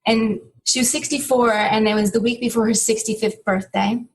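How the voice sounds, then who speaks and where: A woman's voice: on the high side, fairly even intonation, moderate pace, slight background noise, poor audio. A woman in her thirties, a guest on an interview podcast, telling a personal story in a reflective, heartfelt way, with many "you know" fillers.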